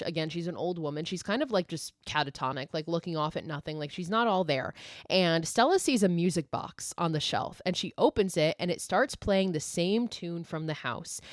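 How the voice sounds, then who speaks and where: A woman hosting a podcast, retelling a film scene by scene in loose, casual chat. She swears freely and fills her sentences with "like". Her voice sits a little low, and the sound is dry and close. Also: lively intonation, normal speed, no echo. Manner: chatty, swears freely, heavy use of "like". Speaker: podcast host.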